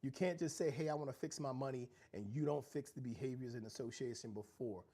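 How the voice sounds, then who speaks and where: This middle-aged livestream host speaks from home about growth and challenge, earnest and a bit preachy, stopping to read viewer chat. His medium-pitched voice is mellow with a breathy edge, and he moves at a brisk pace.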